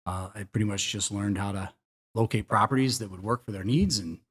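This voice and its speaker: A middle-aged man with a fairly low voice talks casually as a podcast guest. He rambles through his story with many fillers and restarts. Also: a little fast, slightly rough. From Chicago area. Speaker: podcast guest, commercial real estate broker. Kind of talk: casual interview chat.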